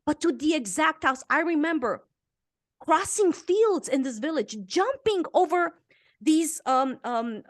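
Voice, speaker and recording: A woman in her fifties from Romania, a guest author telling a personal story in an interview, earnest and emotional, swelling and dropping to a hush. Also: high-pitched. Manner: earnest and emotional, with intense swells and hushed drops.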